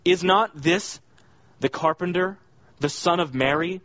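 An earnest man preaching a verse-by-verse sermon, leaning on key words for emphasis. His voice sits slightly high for a man. The recording is dry and a little dull. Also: unhurried, fairly bright tone, dry recording. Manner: earnest, emphatic, rises high when voicing the villagers' questions. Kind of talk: expository sermon.

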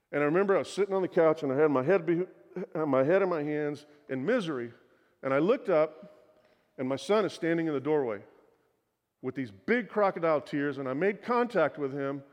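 A middle-aged pastor preaching a sermon, telling a personal story in an earnest voice that often drops to a quiet, confiding tone. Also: male voice, on the high side. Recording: long hall reverb.

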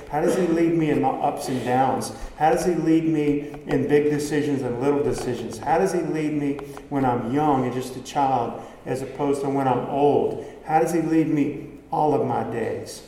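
A man's voice: fairly high pitch, normal speed, dark tone, a little hiss or hum. A man preaching a sermon in a conversational way, asking his congregation rhetorical questions. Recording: echoey hall with long reverb, faint ambience.

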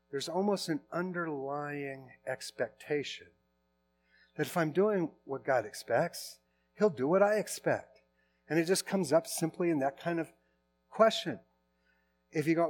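Higher-voiced middle-aged man preaching conversationally. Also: moderate pace, soft background music. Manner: informal, with frequent restarts and self-corrections. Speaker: pastor. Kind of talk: conversational sermon.

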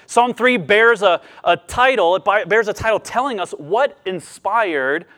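A man preaching a sermon as a pastor, speaking expressively with lively rises and drops. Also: high voice, a little slow.

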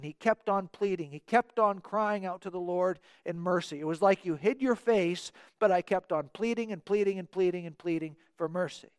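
A man's voice: sits high, no echo, clean studio sound. A man preaching a sermon as pastor, earnest and repeating words for emphasis.

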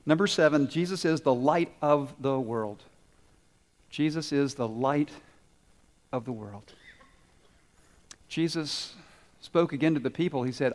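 A man preaching a lively children's sermon who asks the kids questions and answers them himself. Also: on the high side, normal speed, long pauses. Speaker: pastor. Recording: long reverb in a large hall.

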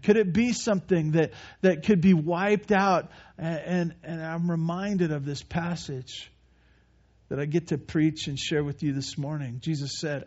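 A pastor preaching a sermon, earnest and stumbling over repeated words, shifting between forceful emphasis and quiet reflection. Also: male voice, a little high. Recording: dull lo-fi sermon recording.

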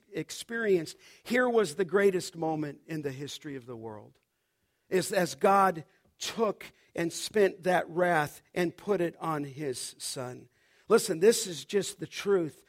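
A man preaching a sermon to his congregation in an impassioned way, repeating phrases and prompting the crowd to answer. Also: high voice. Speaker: pastor. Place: church service.

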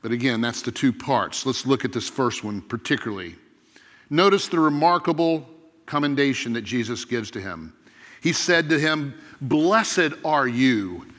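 A man's voice: mid-range voice, animated, a bit bright. Man preaching in an echoing hall. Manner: earnest, emphatic preaching with dramatic pauses. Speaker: pastor. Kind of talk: sermon.

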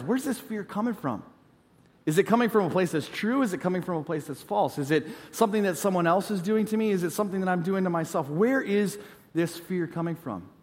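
A man's voice: a little high, long reverb tail. A male pastor in his thirties preaching a sermon in a conversational, storytelling way, mixing in self-deprecating humor.

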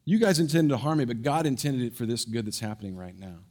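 A preacher voicing Joseph, earnest and forgiving. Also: male voice, medium pitch, animated, fast, darkish tone, close to an everyday voice. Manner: earnest, reassuring. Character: forgiving humble biblical man, calm and steady.

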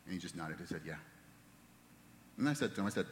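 Pastor preaching in a reverberant hall. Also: male voice, low-pitched, animated, fast talker, long pauses, a little hiss or hum. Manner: storytelling, drops to soft hushed tones at tender moments. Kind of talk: sermon. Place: church sanctuary. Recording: long reverb of a church hall.

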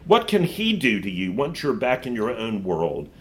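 A man's voice: mid-range voice, huge pitch swings, moderate pace. A man reading a storybook aloud and voicing a scheming female witch who coaxes and scorns a boy. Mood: scornful.

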